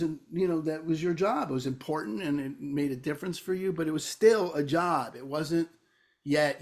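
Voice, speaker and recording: A man co-hosting a podcast, telling a long parable in casual conversation with emphatic, sometimes swearing delivery. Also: a little high. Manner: storytelling, tells a parable at length. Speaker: podcast co-host.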